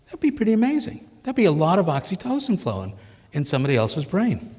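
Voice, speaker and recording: A middle-aged man giving a psychiatry lecture to a live audience, engaging and animated, acting out the thoughts he quotes. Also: high voice, fast talker. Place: large hall at an expo. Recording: reverberant lecture hall.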